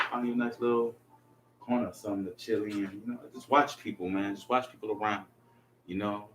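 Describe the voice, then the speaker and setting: A man's voice: fairly low pitch, fairly bright tone, a little hiss or hum. A man giving a casual tarot reading to camera, talking in a laid-back, slangy, rambling way. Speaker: tarot reader. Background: lo-fi music playlist.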